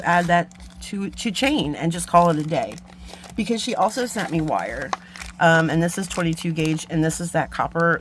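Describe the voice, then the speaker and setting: A woman's voice: lowish voice, slight background noise. Chatty woman gushing over beads. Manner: gushing, chatty, with frequent ums and gasps. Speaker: jewelry-making channel host. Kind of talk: casual unboxing chat.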